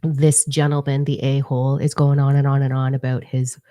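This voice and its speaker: A middle-aged woman telling a story in a blunt, profane, animated manner to her viewers. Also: a bass voice, normal speed, no echo, studio quality. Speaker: spiritual video creator. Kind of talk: casual storytelling monologue.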